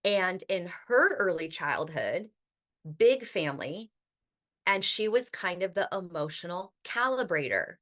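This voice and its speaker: Woman, podcast host, low-ish voice with a tense bright edge, casual and rambling. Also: very animated, a little slow. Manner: chatty, heavy use of "like", occasional swearing.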